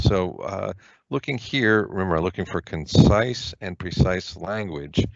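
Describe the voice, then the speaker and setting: A man's voice: deep voice, moderate pace, creaky, no room sound. A man teaching an online test-prep lesson, explaining grammar casually and often checking in with the listener. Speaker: SAT prep tutor. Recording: dull lo-fi webinar audio.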